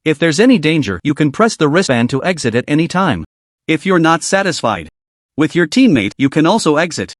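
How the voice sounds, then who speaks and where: Polite staff clerk guy, narrator voicing, kinda high bouncy voice. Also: big pitch swings, fairly quick, no room sound, studio quality.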